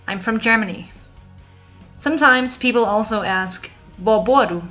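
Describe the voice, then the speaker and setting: Bright-voiced Danish woman teaching phrases. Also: fairly high pitch, muffled recording, faint music behind. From Denmark. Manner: clear, slow model pronunciation with repeated phrases. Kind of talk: scripted language lesson.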